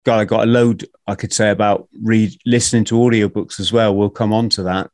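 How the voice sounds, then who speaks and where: A man's voice: on the low side, fairly even intonation, brisk, a little mellow, no echo, studio quality. A man hosting a podcast, chatting informally in a jokey way. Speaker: podcast host. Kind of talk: casual conversation.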